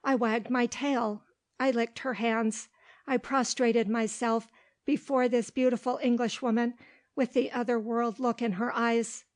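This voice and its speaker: A woman narrating an audiobook with steady, clear storytelling. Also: fairly high pitch, a little slow. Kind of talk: audiobook reading.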